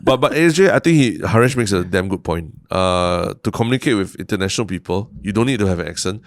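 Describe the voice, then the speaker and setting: A man from Singapore with a Singaporean accent, co-hosting a podcast, relaxed, agreeable and quick to laugh. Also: deep voice. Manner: easygoing, agreeable backchannels, laughs often. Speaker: podcast co-host. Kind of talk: casual chat.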